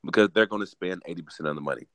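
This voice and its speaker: A man co-hosting a casual gaming podcast, with a lowish voice and a halting delivery full of restarts and ums. His voice sits close to the mic in a dry, dead-sounding space. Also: a bit bright, no room sound. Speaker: podcast co-host.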